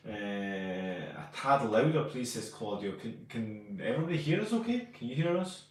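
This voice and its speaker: A man's voice: mid-range voice, big pitch swings, moderate pace, few pauses, heavy reverb, recorded from a distance. A Scottish man co-hosting a casual live stream, chatting and greeting viewers by name as he reads their comments. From Scotland.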